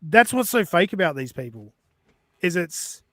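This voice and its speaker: A man's voice: high voice, sing-song, moderate pace, a bit bright, no room sound. A man hosting a podcast in casual banter, blunt and profane, laughing between jabs. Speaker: podcast host.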